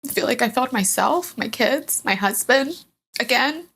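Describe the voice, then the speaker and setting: A woman's voice: on the high side, lively intonation, moderate pace, vocal fry, a bit bright, breathy edge. A woman telling her own story as a podcast guest, candid and emotional, rambling with fillers. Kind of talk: personal storytelling in a podcast interview.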